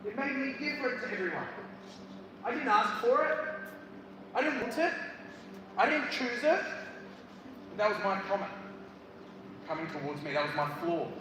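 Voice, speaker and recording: Lively man speaking in an echoey hall. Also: sits high, normal speed, long pauses, background noise. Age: 30s. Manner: animated storytelling, acts out voices and shouts. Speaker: motivational speaker. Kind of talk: live motivational speech with comic stories. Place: school hall, live before students. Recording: echoey school hall from far off. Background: hall ambience.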